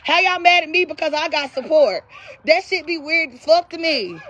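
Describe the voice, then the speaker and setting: On an unscripted live-stream, a North Carolina woman with a high, bright voice and lively intonation vents to her followers, swearing and defiant, at a normal speed. The sound is lo-fi, and she sometimes runs out of breath.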